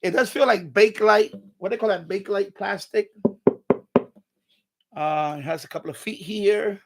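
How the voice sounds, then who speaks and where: A man's voice: sits high, normal speed, fairly bright tone. A man hosting an unscripted live stream from his home radio room, rambling, swearing a lot and sounding irritable as he shows his radios.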